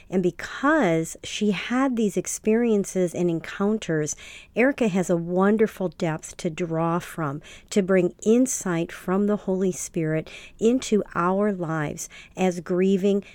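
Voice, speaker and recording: A woman hosting a podcast, speaking in a gentle, sincere way as she wraps up an episode. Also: mid-range voice, dry recording. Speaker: podcast host. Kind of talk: podcast outro narration.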